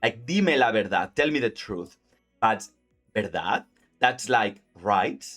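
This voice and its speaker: A man's voice: fairly low pitch, lively intonation, slow pace, a bit bright. A Spanish-speaking man, casually teaching Spanish while gaming, chatty and full of "like". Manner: chatty, heavy use of "like", laughs often. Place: at home. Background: faint game music.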